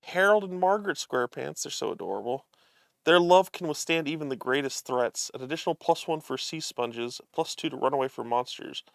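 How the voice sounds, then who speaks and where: A man's voice: a little high, lively intonation, fairly quick, vocal fry, dry recording, studio quality. A man hosting a live show, chatting casually as he unboxes a card game and reads the cards aloud, amused and chuckling often.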